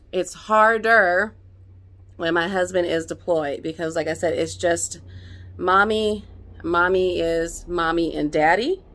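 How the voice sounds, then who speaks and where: A middle-aged woman chatting to camera at home in a rambling way, slightly out of breath. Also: fairly low pitch. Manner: rambling, chatty, lots of fillers and restarts. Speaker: vlogger. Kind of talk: casual chat to camera. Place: at home, indoors.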